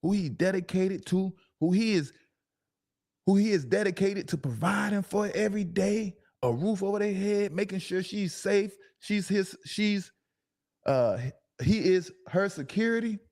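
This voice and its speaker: Animated man riffing on a clip. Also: high voice. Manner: animated, laughing, drawn-out emphatic asides. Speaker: show host. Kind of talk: casual commentary on a clip.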